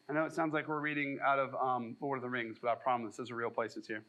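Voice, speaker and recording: A man's voice: mid-range voice, little pitch movement, fast, hardly any pauses, fairly bright tone, dull audio. A male pastor, preaching a conversational sermon and mixing scripture reading with joking, self-deprecating asides.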